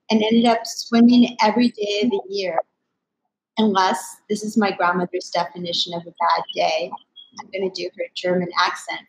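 Expressive older woman telling a family story. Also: medium pitch, poor audio. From United States. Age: 60s. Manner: animated, expressive storyteller who acts out family quotes. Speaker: company founder speaking at a summit. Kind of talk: personal storytelling in an interview.

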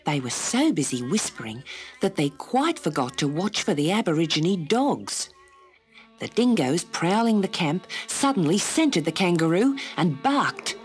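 A woman narrating a children's storybook in an expressive, measured way. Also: on the low side.

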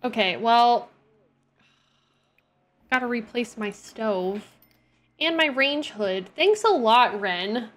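A woman's voice: on the high side, lively intonation, slow pace, long pauses. A young woman chatting casually as she plays a game on stream, talking to her characters and her viewers. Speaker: gaming streamer. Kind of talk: casual gameplay chat.

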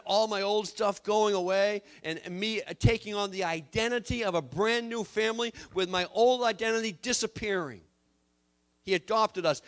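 A man preaching from the pulpit of a church with a notably high voice. He delivers his sermon with fervor, circling back and repeating phrases for emphasis. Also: a bit bright. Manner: impassioned, repetitive preaching with restarts. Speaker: pastor. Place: church sanctuary.

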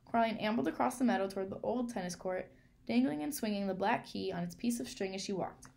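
A woman reading a children's novel aloud in a clear, measured storytelling manner. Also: medium pitch, darkish tone. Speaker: reader.

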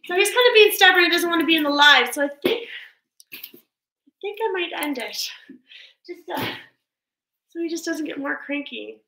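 A woman's voice: extremely high pitch, expressive, moderate pace, pauses often, sharp tone. A woman hosting a casual livestream with her pet parrot, cooing baby talk at it and thanking viewers. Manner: coos baby talk to her bird, laughs often; reads out and thanks viewer comments. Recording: echoey room.

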